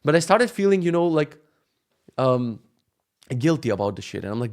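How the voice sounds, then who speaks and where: A man in his thirties telling a casual story to camera for his vlog, animated and profane, acting out quotes along the way. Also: medium pitch, moderate pace, pauses often. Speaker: vlogger.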